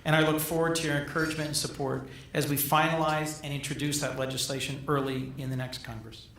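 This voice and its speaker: A middle-aged man addresses a gala crowd in formal, emphatic oratory, often repeating his key phrases. His voice sits somewhat high. The hall's reverb is strong, and the mic catches him from some distance. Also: flat delivery, quick pace, vocal fry, heavy background noise. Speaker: senator giving a gala speech. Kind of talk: formal political speech. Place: large banquet hall. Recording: echoey hall, captured from a distance.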